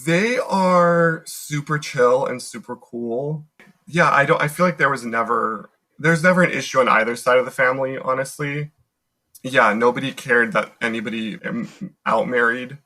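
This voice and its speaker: A man's voice: mid-range voice, moderate pace, bright, forceful tone, low-quality recording. A young American man in casual conversation as a podcast guest, talking in loose, rambling sentences full of "like" and restarts. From United States. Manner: chatty, lots of "like" fillers and restarts.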